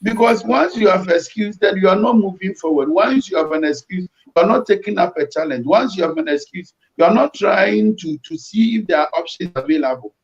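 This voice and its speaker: A pastor giving a motivational talk, preaching and repeating phrases for emphasis. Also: male voice, high-pitched, highs cut off.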